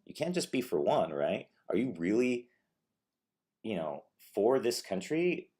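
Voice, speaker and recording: A man's voice: lowish voice, darkish tone. A man giving a casual, profane political rant, sarcastic and rambling, who mocks others in put-on voices. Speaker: political commentary vlogger. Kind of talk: casual ranting commentary.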